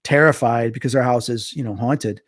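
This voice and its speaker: A man's voice: medium pitch, fairly quick, no echo, clean studio sound. A man, a medium guest in an interview, telling stories from childhood and acting out the voices in them. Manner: animated storyteller, acts out quotes. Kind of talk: storytelling in a casual interview.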